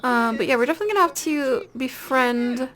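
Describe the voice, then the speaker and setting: A young woman hosts a gameplay video, chatting casually and rambling over a life-sim game with plenty of giggles and fillers. Her voice is high and animated, she talks fast, and crowd noise sits in the background. It's relaxed let's-play commentary.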